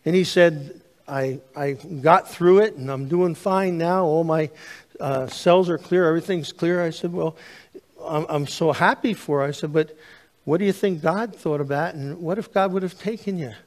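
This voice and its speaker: A man, a pastor preaching a sermon, telling stories with lively acted-out dialogue. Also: a little high, moderate pace. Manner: animated storytelling, acts out dialogue. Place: church sanctuary. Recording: long hall reverb.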